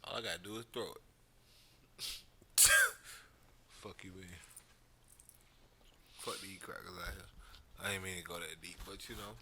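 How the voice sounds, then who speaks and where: A man's voice: low voice, moderate pace, long pauses, a little hiss or hum. A man co-hosting a podcast, telling stories in a loose, profane way and laughing often. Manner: animated, laughing, profane storytelling. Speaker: podcast co-host. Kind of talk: casual chat.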